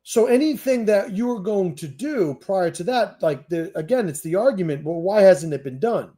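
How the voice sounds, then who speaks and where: This livestream Q&A host is a middle-aged man with a high, warm and expressive voice at normal speed. He talks in a blunt, emphatic way, swearing regularly and often beginning sentences again.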